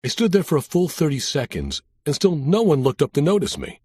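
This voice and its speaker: A man's voice: fairly high pitch, wildly swooping pitch, brisk, darkish tone, breathy edge, no echo. A man narrating a crime audiobook in the first person, with a dry, wry storytelling manner.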